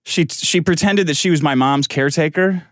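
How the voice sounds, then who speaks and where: A man's voice: on the high side, brisk, no room sound, clean studio sound. A man in his forties hosting a casual podcast chat, sardonic and swearing as he tells stories. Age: 40s. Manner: sardonic, swears often, animated storytelling.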